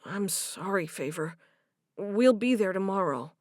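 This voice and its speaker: A woman reading a gentle comforting husband. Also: medium pitch, unhurried, no room sound, studio quality, natural voice. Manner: soft, steady, reassuring. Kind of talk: audiobook character voice.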